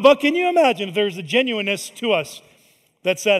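Pastor, male, conversational preacher, loud then hushed, church hall echo. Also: high voice, big pitch swings, brisk. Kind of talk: sermon. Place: large church sanctuary. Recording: long hall reverb.

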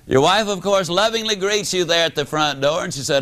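An older man giving a motivational speech to an audience, telling stories with animated, drawn-out emphasis. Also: sits high. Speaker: motivational speaker.

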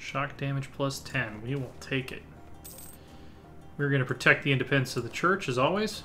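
A man's voice: mid-range voice, normal speed, pushed and bright, faint music behind. Man thinking aloud over a strategy game. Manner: thinks aloud while clicking through menus, muttering half-finished plans. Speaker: let's play host. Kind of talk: casual gameplay commentary.

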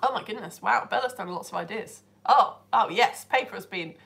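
A woman's voice: medium pitch, normal speed, vocal fry, fairly bright tone. A young woman teaching online, chatting with viewers on a live stream, bubbly and laughing often as she greets people by name. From United Kingdom.

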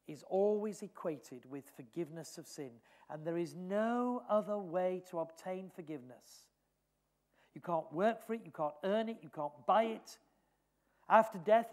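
Earnest preacher telling a story. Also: male voice, high-pitched, a little mellow. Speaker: evangelist preacher. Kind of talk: sermon with storytelling.

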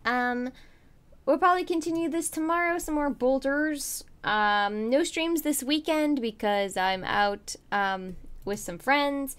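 A woman's voice: high voice, slow, a bit bright. Tired, bubbly young woman streamer. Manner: chatty, bubbly, sometimes mumbling to herself. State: tired, hiccuping. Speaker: livestreamer. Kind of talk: casual live stream chat.

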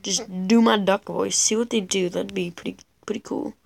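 A woman's voice: medium pitch, fairly even intonation, moderate pace, vocal fry, no room sound, rough recording. A teenage girl chatting casually while playing a video game, rambling and mocking herself as she goes. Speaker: gameplay commentator. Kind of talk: casual gameplay commentary.

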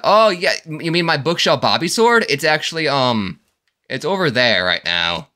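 A man hosting a comedic gameplay video, jokey and animated, often yelping and laughing at what happens on screen. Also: fairly high pitch, normal speed. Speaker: gaming video host.

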